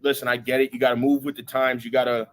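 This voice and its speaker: Male guest, mid-pitched, reflective, chatty, filler-heavy speech. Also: level tone, quick pace. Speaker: podcast guest, retired pro wrestler. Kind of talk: casual interview chat.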